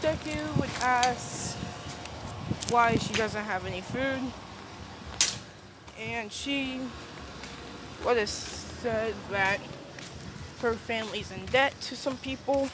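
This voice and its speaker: A woman's voice: on the high side, heavy background noise. A woman improvising a fan-fiction story aloud, rambling and tacking "and all that" onto her sentences. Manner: rambling, keeps adding "and all that".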